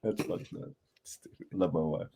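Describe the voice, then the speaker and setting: A man's voice: moderate pace, crowd noise. A man co-hosting a comedy podcast, chatting casually with teasing banter and frequent laughs. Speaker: podcast co-host.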